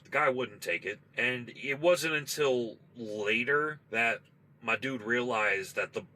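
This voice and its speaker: A man's voice: fairly low pitch, pushed and bright, rough recording. A man, a trucker, telling a spooky story in a loose, profane, conversational way from his parked truck. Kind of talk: casual spoken storytelling.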